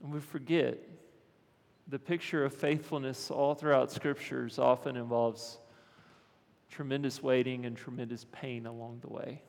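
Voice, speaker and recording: A man preaches a sermon in a slow, unhurried delivery, his voice gravelly with fry. He is earnest, often repeats phrases and checks in with the congregation. A long reverb from a large hall trails his words. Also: mid-range voice, fairly even intonation, darkish tone. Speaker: pastor.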